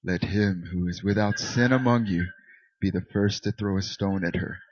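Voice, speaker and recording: A male pastor voicing Jesus as a grave, calm man, speaking slowly and solemnly in a dull, dry recording. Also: sits low, dry recording, voice pushed down. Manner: slow, solemn, measured.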